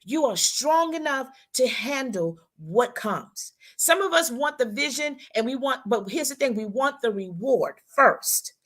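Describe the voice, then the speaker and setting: A woman's voice: sits high, expressive, unhurried, few pauses, a bit bright. A woman co-hosting a women's talk show, giving a preacherly motivational talk with speech, repeating her lines and acting out how people talk.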